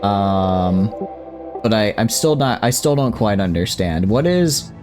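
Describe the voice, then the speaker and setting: A man's voice: fairly low pitch, lively intonation, unhurried, over music. A man hosting a live stream, chatting casually in a playful, teasing way with frequent restarts. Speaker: streamer and host.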